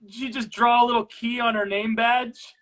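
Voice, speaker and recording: High-voiced man, bright and chatty. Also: moderate pace. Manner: relaxed storyteller, retells plot, laughs easily. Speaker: co-host. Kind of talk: casual movie discussion.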